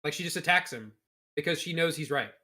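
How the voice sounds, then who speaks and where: A man's voice: on the high side, animated, quick pace, bright, forceful tone. A man co-hosting a podcast in casual chat, explaining at length in a blunt way and swearing freely. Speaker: podcast co-host.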